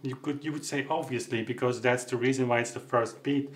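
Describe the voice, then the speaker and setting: A man teaching music, thinking aloud with halting restarts and tag questions as he explains a piece. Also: medium pitch, steady tone. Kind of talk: explaining while practicing at the keyboard.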